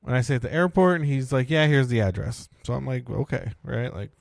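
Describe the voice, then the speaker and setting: A man's voice: mid-range voice, fairly quick, creaky, darkish tone, no room sound, clean studio sound. A man, co-hosting a podcast and telling a long casual story packed with fillers. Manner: rambling, many "like" and "right?" fillers. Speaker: podcast co-host.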